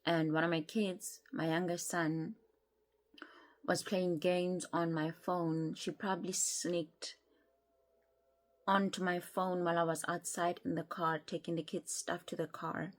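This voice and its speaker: A woman's voice: fairly low pitch, level tone, a little slow, natural voice. Woman voicing a lying boyfriend. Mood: defensive. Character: lying ex-boyfriend, smooth excuses.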